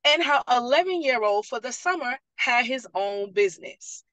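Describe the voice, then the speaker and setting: A woman's voice: on the high side, moderate pace, no room sound, low-quality recording. A woman, a parent liaison telling stories in a casual panel talk and acting out what others said. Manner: animated storyteller, acts out quotes. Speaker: parent liaison and program graduate.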